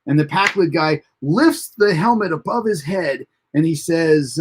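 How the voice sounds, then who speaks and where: A man's voice: on the high side, expressive, a little slow, hardly any pauses, slight background noise. A man hosting a casual live TV episode review, recapping the plot in a rambling way with many fillers and restarts and chuckling at the funny parts. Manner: chuckles at funny moments while recounting. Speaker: host of a TV episode review show.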